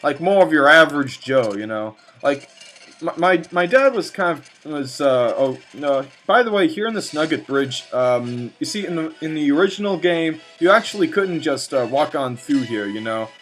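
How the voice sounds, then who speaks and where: A man's voice: fairly high pitch, lively intonation, moderate pace, fairly bright tone, soft background music. A young man commentating on his own gameplay, rambling off on tangents with lots of fillers and stammered repeats. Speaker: let's play commentator.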